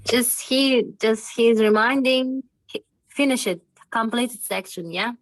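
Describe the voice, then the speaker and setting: A woman student answering her teacher in an online class, halting and searching for words. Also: on the high side, no echo, rough recording.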